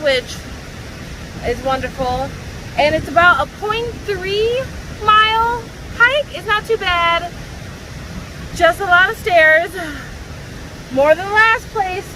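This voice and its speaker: A woman's voice: extremely high pitch, background noise. A woman hiking vlogger talking casually outdoors on forest trails, chatty, upbeat and self-mocking. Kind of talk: casual vlog narration.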